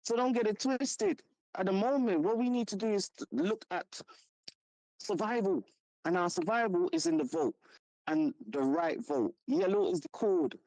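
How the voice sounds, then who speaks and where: A woman's voice: medium pitch, expressive, moderate pace, mellow, low-quality recording. A woman from Trinidad with a Trinidadian-English accent, calling in to give a fervent, preachy, rallying opinion. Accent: Trinidadian with English mix. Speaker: caller. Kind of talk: call-in opinion.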